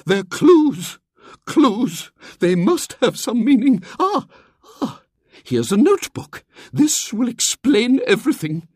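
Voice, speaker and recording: A narrator voicing a pompous middle-aged spinster psychic who declaims in a quavering, theatrical way. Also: female voice, on the high side, big pitch swings, slow, a little mellow, no room sound, clean studio sound, pitched above the performer's own voice, full character voice. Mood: excited. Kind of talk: audiobook character voice.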